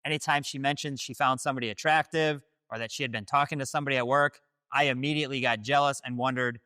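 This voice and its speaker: A man's voice: mid-range voice, fairly even intonation, fast, sharp tone, dry recording, studio quality. A man hosting, delivering scripted dating-advice commentary in a direct, declarative way. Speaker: host.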